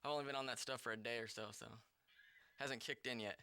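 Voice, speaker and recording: A man joining a game stream, bantering in a joking, animated way. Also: mid-range voice, quick pace, slight background noise. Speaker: stream co-player. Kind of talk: casual chat on a game stream.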